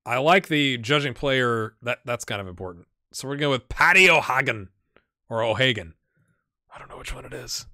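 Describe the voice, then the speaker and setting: Guy streaming a game, bright voice, talks to himself a lot, dry close mic. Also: medium pitch, animated, a little fast, no echo. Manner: chatty, talks to himself while playing. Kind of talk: casual live-stream commentary.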